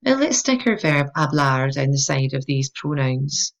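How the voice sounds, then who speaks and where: A woman teaching a language lesson, explaining clearly and patiently and encouraging the listener to repeat after her. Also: extremely low pitch, sing-song, a little slow. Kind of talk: instructional explanation.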